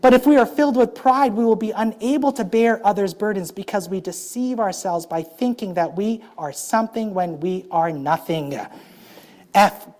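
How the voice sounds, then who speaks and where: A woman preaches a sermon in a chatty, informal way, tossing "right?" and "okay?" to her listeners as she goes. She slows right down and stretches out the lines she wants to land. Her voice sits at an ordinary middle pitch. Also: a little mellow. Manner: conversational, checks in with the congregation, many fillers; stretches key phrases slowly for emphasis.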